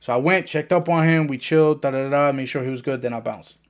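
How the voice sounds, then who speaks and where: A man's voice: mid-range voice, quick pace. A young man, telling a story on a gaming stream in casual, profane talk and acting out the voices in it. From the Bronx, New York.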